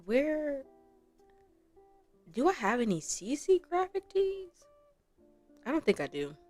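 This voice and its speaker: A woman's voice: high voice, wildly swooping pitch, slow pace, darkish tone, faint music behind. A young woman giving casual gameplay commentary as a gaming creator, chatty and rambling, laughing often.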